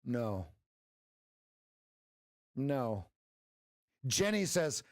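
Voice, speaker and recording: A man's voice: a little high, animated, a little slow, long pauses, no room sound, clean studio sound. A man hosting a live trading stream, chatting casually and joking with viewers, laughing often.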